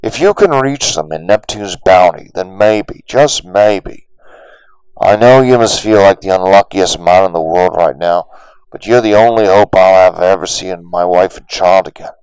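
A man voicing a scheming man talking over a radio, urgent and pleading, in a loud, forceful voice. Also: sits low, normal speed, smooth, dry recording, lightly acted, rough recording.

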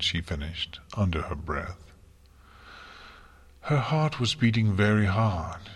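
Low husky male storyteller. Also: slow pace. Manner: calm, steady storytelling. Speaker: narrator. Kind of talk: audiobook reading of fan fiction.

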